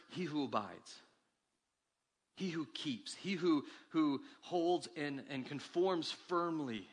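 Animated husky preacher. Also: male voice, fairly high pitch. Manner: animated preaching, rising for emphasis and dropping to quiet. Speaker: pastor. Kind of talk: sermon.

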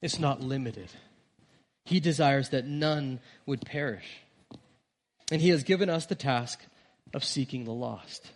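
A man's voice: a little high, husky. Earnest male pastor preaching. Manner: earnest preaching, rising on emphasis, dropping softly at phrase ends. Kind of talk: sermon.

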